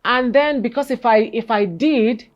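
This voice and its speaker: Her voice is a little high and the sound is lo-fi. A woman in her forties tells her own story in an interview, hesitating and repeating herself early on, then turning animated.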